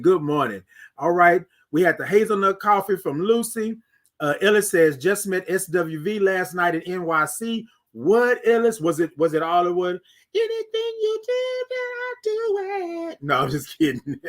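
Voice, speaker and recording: A man with a Texan accent hosting a live morning stream, chatting with viewers and singing out long, drawn-out greetings. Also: high-pitched. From Texas. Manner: animated, sings out drawn-out greetings. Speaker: host.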